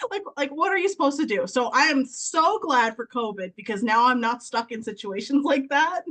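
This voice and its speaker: A woman in her thirties, a guest on a podcast, telling stories in an animated way, acting out the voices she quotes and laughing often. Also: high-pitched, fairly quick. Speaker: podcast guest, sales consultant. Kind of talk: casual podcast chat.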